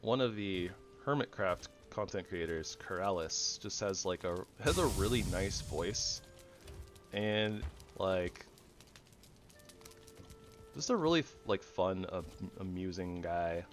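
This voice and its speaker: Goofy rambling man with a low voice. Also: takes it slowly, soft background music. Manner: goofy, rambling, jumps between loud excitement and soft mumbling. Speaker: gaming channel host. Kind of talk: casual gameplay commentary.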